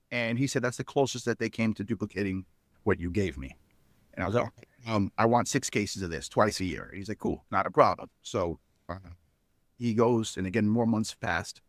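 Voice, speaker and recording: Recorded at studio quality with no room sound, a middle-aged podcast guest talks in a medium-pitched voice. He's the founder of a spirits company, rambling through a lengthy story in a relaxed interview. Along the way he stumbles, restarts, uses lots of fillers, and performs the voices of the people in his tale.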